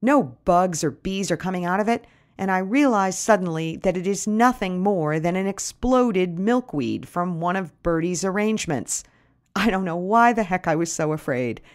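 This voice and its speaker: Woman storyteller, animated and wry, comic first-person tales. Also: on the low side, moderate pace. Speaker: podcast host and storyteller.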